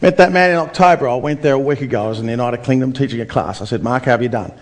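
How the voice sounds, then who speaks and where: Australian male seminar speaker, energetic storyteller. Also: medium pitch, rapid-fire. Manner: energetic, storytelling, questions to audience. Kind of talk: motivational seminar talk.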